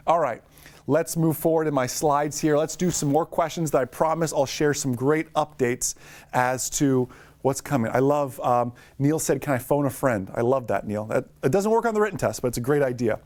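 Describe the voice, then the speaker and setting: A man teaching a live online lesson for drone pilots, talking fast and upbeat, greeting viewers by name. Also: medium pitch, a little mellow.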